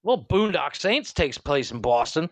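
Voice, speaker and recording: A man co-hosting a comedy podcast, bantering crudely and laughing loudly at his own jokes. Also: fairly high pitch, sing-song, measured pace, no echo. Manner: loud laughing, jokey. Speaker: podcast co-host.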